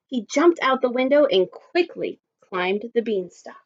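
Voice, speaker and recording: A woman teacher reading a story aloud to children, expressive and adding little asides. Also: on the high side, unhurried, few pauses, dull audio. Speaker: primary school teacher.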